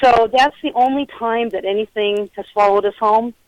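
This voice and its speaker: A middle-aged woman, a paranormal investigator, telling stories in a chatty, animated way over a phone line and acting out the quotes. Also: on the high side, normal speed, no echo. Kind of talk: casual storytelling interview.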